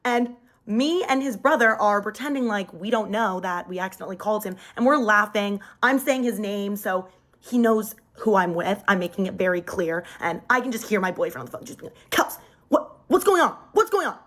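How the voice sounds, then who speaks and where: Young woman, casual storyteller, phone mic, lively delivery with pitch jumps. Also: fairly quick.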